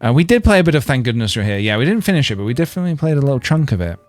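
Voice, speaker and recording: A man's voice: mid-range voice, big pitch swings, rapid-fire, soft background music. A man streaming a video game, chatting playfully and joking with his viewers. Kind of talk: casual gaming livestream chat.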